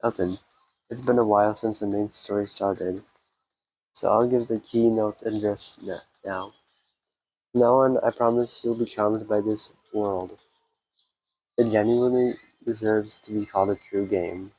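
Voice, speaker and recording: Low gravelly man reading game text. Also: fairly even intonation, darkish tone, rough recording. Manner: reads game text aloud in a low, subdued voice, breaking off for quick asides. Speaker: streamer reading a visual novel aloud. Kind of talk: casual game reading and commentary.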